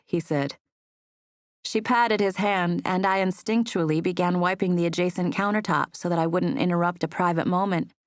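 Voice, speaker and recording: A woman narrating an audiobook in a steady, gentle storytelling manner. Her voice sits on the low side. The recording is dry and close, with no room sound. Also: no echo. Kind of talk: scripted narration.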